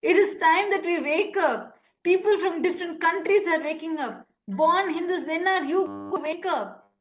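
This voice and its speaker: At a moderate pace, a woman pleads with her live-stream audience in an urgent appeal, her voice high and bright. Passion drives her words, and she becomes indignant toward critics.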